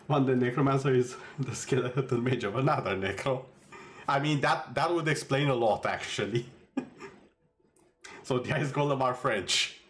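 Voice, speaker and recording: A man's voice: fairly high pitch, fairly bright tone. A man streaming a game, giving casual, rambling commentary with jokey asides to his chat.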